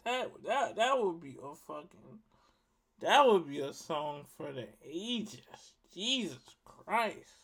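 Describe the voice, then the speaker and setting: A man's voice: fairly high pitch, sing-song, slow pace, a bit bright, breathy edge. A man giving a casual rant to his viewers, emphatic and profane, repeating himself for effect. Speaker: vlogger.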